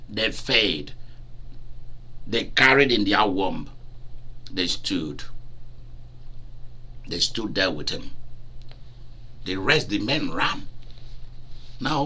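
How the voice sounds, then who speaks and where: A man preaching a lively sermon, acting out cries and quotes and laughing often. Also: lowish voice, breathy edge. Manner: animated, laughing, acts out cries and dialogue.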